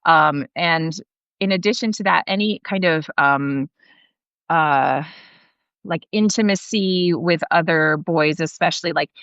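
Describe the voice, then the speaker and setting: A woman's voice: deep voice, measured pace, a bit bright, clear, resonant tone, no echo, muffled recording. A woman in her forties talking earnestly as a parenting guest in an interview, with many fillers and restarts. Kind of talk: conversational interview.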